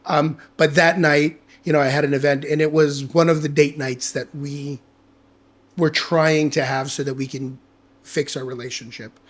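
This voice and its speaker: A man telling a personal story on a podcast, his voice sitting a touch higher than most men's. He talks in a candid, animated way, swearing freely and slipping into the voices of the people he quotes. It stays loose and conversational throughout. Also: moderate pace. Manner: animated, acts out quoted dialogue. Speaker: podcast guest. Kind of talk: casual storytelling chat.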